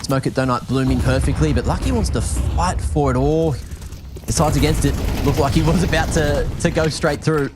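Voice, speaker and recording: A man from Australia with an Australian accent, calling a match as an energetic play-by-play esports caster. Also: on the high side, heavy background noise. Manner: energetic, quick reactions, laughs easily. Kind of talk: play-by-play commentary.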